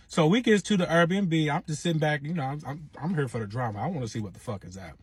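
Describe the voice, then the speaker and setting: A young man tells a wild personal story in a husky, breathy voice, with a dry, close sound. He swears freely and keeps checking in with his listener as he goes. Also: fairly high pitch, fast talker, hardly any pauses, no room sound. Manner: animated, profane, says 'you know what I'm saying' a lot. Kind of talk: casual storytime monologue.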